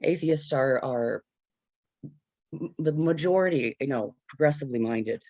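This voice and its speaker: A panel speaker in an unscripted discussion who talks earnestly and haltingly, searching for words with many fillers and nervous laughs, heard over a video call. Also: mid-range voice, a little mellow, dry recording, muffled recording.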